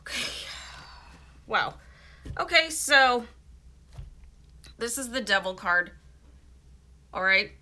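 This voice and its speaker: A woman's voice: on the high side, lively intonation, slow, pauses often, pushed and bright. A woman giving a casual, chatty tarot reading, informal and playful, with frequent fillers and asides. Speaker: tarot reader.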